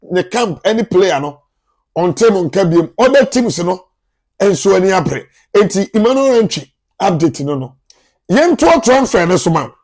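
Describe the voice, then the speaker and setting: A Ghanaian man with a notably high-pitched voice delivers football transfer updates for his own channel. He keeps it chatty and lively and addresses his viewers like family members gathered around. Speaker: sports journalist, YouTube channel host. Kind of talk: casual sports transfer news vlog.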